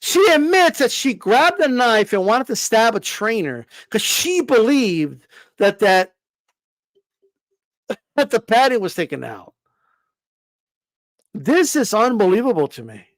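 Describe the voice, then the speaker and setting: Man, high voice, ranting boxing commentary, profane, repetitive, rhetorical questions, dry sound. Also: very animated, takes it slowly, pauses often, dry recording. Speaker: boxing commentator on a live stream. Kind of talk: casual opinionated commentary.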